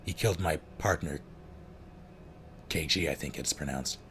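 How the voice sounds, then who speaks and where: A man's voice: a bass voice, normal speed, bright, forceful tone, a little hiss or hum, exaggerated voice. A man voicing a young female thief who pleads urgently in clipped, broken phrases.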